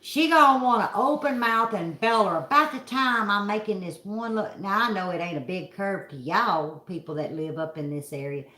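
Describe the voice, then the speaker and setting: A woman's voice: mid-range voice, normal speed, hardly any pauses, sharp tone, echoey room. A middle-aged woman from Kentucky with a Southern accent, telling a story to her viewers in a folksy, dramatic way. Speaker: vlog host.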